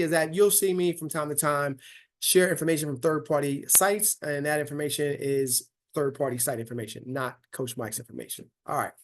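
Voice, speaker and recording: Upbeat man coaching new investors. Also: fairly high pitch. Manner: upbeat, talks to listeners with frequent "right?". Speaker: financial coach hosting an investing session. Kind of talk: casual online investing lesson.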